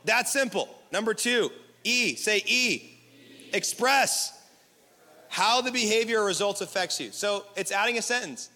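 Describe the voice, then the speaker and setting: A man preaches to a packed room, his voice bright and forceful, with a long reverb trailing each line through the hall. He talks casually and keeps the crowd involved, calling out for them to repeat after him. His pitch sits slightly high for a man. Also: normal speed. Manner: energetic, leads the crowd in call-and-response. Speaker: pastor. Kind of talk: sermon. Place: large hall with live audience.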